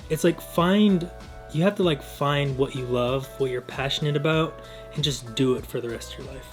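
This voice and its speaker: A young man hosting a food-tasting vlog, chatting in a laid-back, rambling way with many fillers. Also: fairly high pitch. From American Samoa. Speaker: vlog host. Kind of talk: casual chat.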